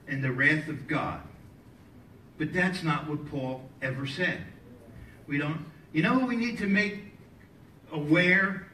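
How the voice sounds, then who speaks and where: A male pastor preaching a sermon in a church, lively and joking with the congregation between points. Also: fairly high pitch, slight background noise. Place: church sanctuary. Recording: echoey hall, mic at a distance, faint ambience.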